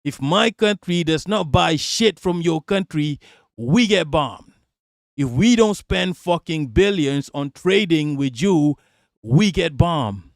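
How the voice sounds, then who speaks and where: Male streamer, loud mocking profane rant, fairly high voice, dead dry sound. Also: animated, slow pace, gravelly, dry recording.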